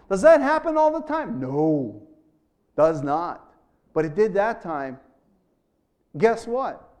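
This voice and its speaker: A middle-aged pastor preaching with a high, light voice. He tells his story like a preacher, rising to loud proclamations and then dropping to quiet, close asides. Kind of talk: sermon.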